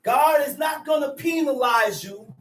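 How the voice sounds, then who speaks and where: A high-pitched man preaching in a slow, deliberate way, forceful and repetitive. He is recorded from a distance in a roomy, echoing space. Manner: loud, emphatic, repeats words. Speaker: teacher. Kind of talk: street preaching. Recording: echoey, distant mic.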